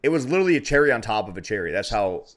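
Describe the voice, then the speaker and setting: Man, podcast co-host, rapid rowdy delivery, swears freely. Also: lowish voice, big pitch swings, fairly bright tone. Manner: fast, rowdy, profane storytelling. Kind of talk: casual podcast banter.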